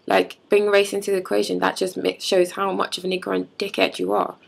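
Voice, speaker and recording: Young woman, heavy vocal fry, breathy husky tone, heated casual vlog rant. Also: mid-range voice, completely flat delivery, a little fast. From London. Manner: heated, frequent "like" fillers. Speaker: vlogger.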